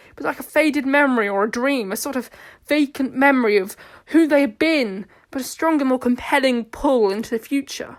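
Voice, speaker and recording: A woman narrating an amateur audio story in an earnest, steady way. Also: high voice.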